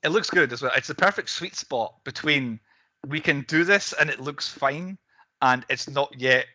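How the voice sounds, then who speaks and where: Bright-voiced man hosting a podcast. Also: medium pitch, normal speed, dry recording. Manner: laughs often, runs the segments. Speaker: podcast host. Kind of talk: casual chat.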